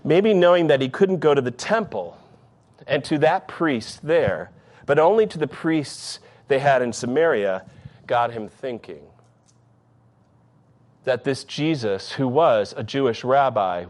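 A man preaching a sermon as a pastor, earnest, with raised emphatic phrases that drop into low, quiet ones. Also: lively intonation, measured pace.

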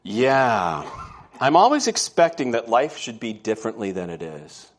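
A man's voice: medium pitch, big pitch swings, measured pace. Male pastor, casual storytelling sermon style, keeps checking in with the congregation. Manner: storytelling, conversational, asks the congregation questions. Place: church.

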